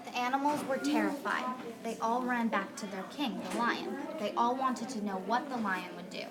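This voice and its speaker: A woman reading a story aloud as one of several narrators, steady with small slips. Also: fairly high pitch, moderate pace. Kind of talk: group read-aloud narration. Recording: loud crowd noise behind.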